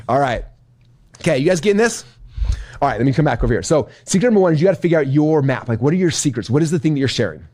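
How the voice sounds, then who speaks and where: A middle-aged man teaching as a business coach, animated, often checking in with the audience. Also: fairly high pitch, racing. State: out of breath. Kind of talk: energetic teaching talk.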